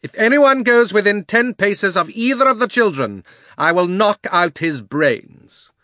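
A man voicing a haughty, furious witch queen who shouts threats. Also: high-pitched, lively intonation, unhurried, no room sound, studio quality, pitched above the performer's own voice, exaggerated voice. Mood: threatening. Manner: commanding, threatening.

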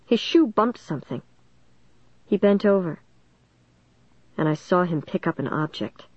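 A woman reading a first-person story aloud in a steady, measured way. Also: lowish voice, slightly rough, no echo, lo-fi sound. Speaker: audiobook narrator.

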